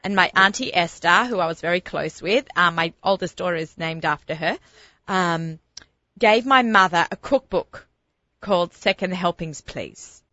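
A woman with an Australian accent hosting a radio talk show, chatty and enthusiastic with quick laughs. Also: fairly low pitch, pushed and bright, no room sound, dull audio. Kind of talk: casual radio interview. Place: radio studio.

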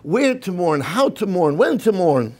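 A man's voice: high-pitched, big pitch swings, unhurried, darkish tone. A man giving an impassioned sermon-style lecture at a community program, often stammering and restarting, with many Hebrew and Yiddish terms.

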